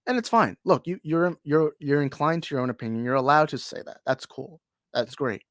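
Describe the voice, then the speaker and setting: A man's voice: on the high side, fairly quick, no room sound, clean studio sound. A young man co-hosting a podcast in casual chat, rambling and heated, full of restarts. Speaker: podcast co-host.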